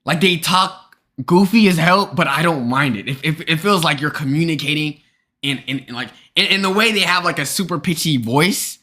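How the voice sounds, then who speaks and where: Bright-voiced young man streaming live. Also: on the high side, moderate pace. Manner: animated, joking, talks straight to chat. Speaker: streamer host. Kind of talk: casual live-stream chat.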